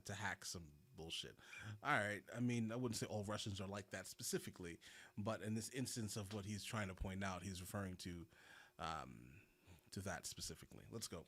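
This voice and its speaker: A young man streaming casual reaction commentary, excitable and rambling, saying "bro" a lot. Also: fairly low pitch, breathy edge.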